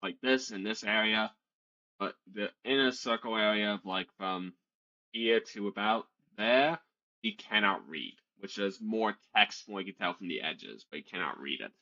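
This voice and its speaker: Man, game master, tabletop narration, bright forceful tone, slightly low voice, dull lo-fi audio. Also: normal speed. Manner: describes scenes, voices characters in asides.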